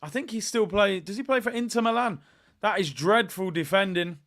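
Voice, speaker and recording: A man hosting a live football watchalong, chatty and excitable as he reacts to the match and the chat. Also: sits high, normal speed. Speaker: watchalong host.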